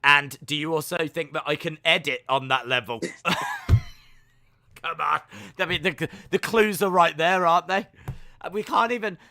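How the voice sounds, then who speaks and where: A man's voice: fairly high pitch, normal speed, sharp tone. A man co-hosting a casual podcast chat over a video call, teasing and laughing often. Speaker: podcast co-host.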